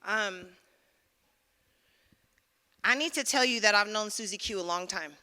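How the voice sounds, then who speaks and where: Very bright-voiced woman hosting a poetry night. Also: mid-range voice, measured pace. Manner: emotional, chatty, restarting her sentences. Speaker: event host. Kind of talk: casual stage hosting. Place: live stage at a museum event.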